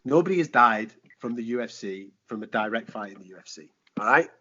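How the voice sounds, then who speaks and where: Animated man, husky voice. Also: medium pitch, fairly quick. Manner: animated, rhetorical questions, swears, British slang. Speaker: sports presenter, podcast guest. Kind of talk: casual podcast chat. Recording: dull lo-fi podcast audio.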